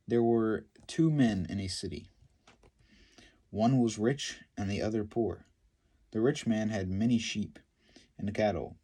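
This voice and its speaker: A man retelling a Bible story and commenting on it, in a halting, filler-heavy way. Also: on the low side, dark tone. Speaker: Bible teacher.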